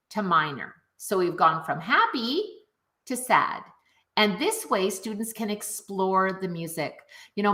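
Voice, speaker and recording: A middle-aged woman music teacher talking viewers through a lesson in an upbeat, chatty way. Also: medium pitch. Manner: upbeat, animated, addresses viewers directly. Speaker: music teacher and program founder. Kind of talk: enthusiastic online teaching video.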